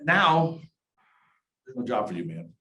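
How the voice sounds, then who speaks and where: A man's voice: medium pitch, sing-song, measured pace. Candid middle-aged man in an echoey room. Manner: candid, conversational, with dry dark humor. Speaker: university accessibility office director. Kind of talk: workshop presentation. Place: presentation room with an audience.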